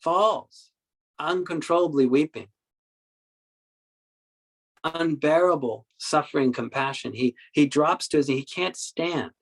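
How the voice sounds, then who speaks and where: A man giving a Buddhist dharma talk as a meditation teacher, telling stories in a halting way with many repeated words and acting out quoted speech. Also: fairly high pitch, rough recording. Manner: acts out quoted speech in the story.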